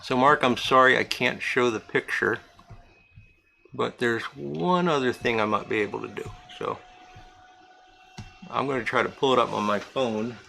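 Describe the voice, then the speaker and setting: Guy running a livestream auction, gravelly and kinda bright, chatty, calls out bids. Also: medium pitch, rough recording. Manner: chatty, reads out bidders and amounts. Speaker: livestream charity auction host. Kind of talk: casual live-stream auctioneering.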